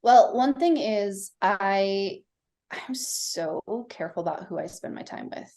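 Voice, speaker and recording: A woman guest on a podcast, a mindset coach, explaining ideas in a lively way and acting out quoted dialogue as she tells stories. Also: medium pitch, slow pace. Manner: animated storytelling, acting out quoted voices. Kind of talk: casual interview chat.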